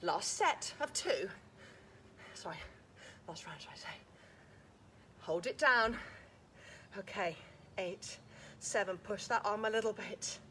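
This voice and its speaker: A woman's voice: mid-range voice, lively intonation, slow, long pauses, pushed and bright, a little hiss or hum. A woman leading a live workout class, counting reps, cueing moves and encouraging everyone while a bit out of breath. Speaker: fitness instructor. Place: outdoors.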